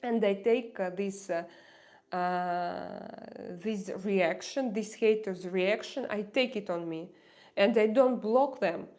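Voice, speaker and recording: A woman whose first language is not English, hosting a casual livestream and answering viewer comments in an earnest, impassioned way, halting often with fillers and restarts. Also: mid-range voice, darkish tone. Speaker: livestream host.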